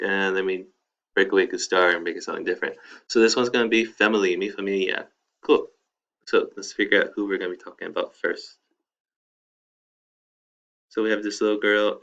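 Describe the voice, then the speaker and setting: Gravelly low-voiced man teaching casually. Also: dull audio. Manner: relaxed, chatty, repeats vocabulary slowly. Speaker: Spanish teacher. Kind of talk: casual video lesson.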